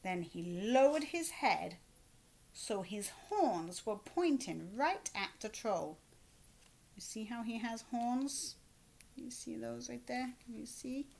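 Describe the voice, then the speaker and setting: A woman reading a picture book aloud to children, expressive, with asides to her young listeners. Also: a little high, gravelly. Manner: slow, expressive read-aloud with asides to kids. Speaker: children's story reader.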